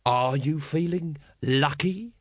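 Man doing a weary middle-aged watch captain, soft-spoken, dry menace, slow, close dry audiobook sound. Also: medium pitch, expressive, no echo. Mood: quietly menacing. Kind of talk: audiobook character voice.

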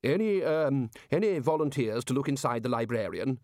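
A man's voice: mid-range voice, animated, normal speed, a little mellow, no room sound, clean studio sound, close to an everyday voice. A man voicing a bluff, impatient elderly wizard who heads a university, in an audiobook. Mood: brusque. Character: blustering elderly male wizard headmaster.

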